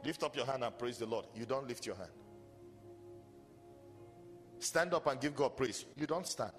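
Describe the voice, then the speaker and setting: A man preaching a sermon as pastor, animated and storytelling with mocking asides. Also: mid-range voice, normal speed. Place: church hall. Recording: long hall reverb with faint music.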